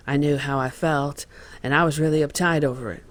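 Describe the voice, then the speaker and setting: A man's voice: fairly high pitch, steady tone, fairly quick, fairly bright tone, lightly acted. A man voicing a male contractor who testifies as a witness in a dramatized reading of court testimony, telling the story in a plain, worried way.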